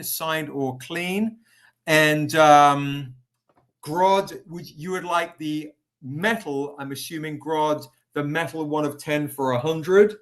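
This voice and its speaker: A man with a fairly high voice runs a casual live stream, greeting viewers by name and pushing comic editions with chatty enthusiasm. He sounds a little tired, as if still recovering, but keeps the pitch upbeat. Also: a bit bright. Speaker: livestream host selling comics.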